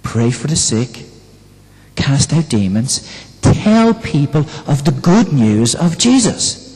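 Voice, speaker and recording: A man's voice: fairly high pitch, big pitch swings, slow, darkish tone. A man preaching a sermon in a conversational way, often asking the congregation questions. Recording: long reverb in a church hall.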